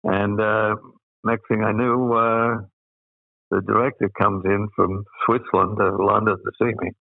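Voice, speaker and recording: An Australian man in his eighties, a guest, tells rambling anecdotes and chuckles through his own stories. His fairly low voice is creaky, with little pitch movement and an unhurried pace. The sound is a tinny, phone-like line, dry with no echo.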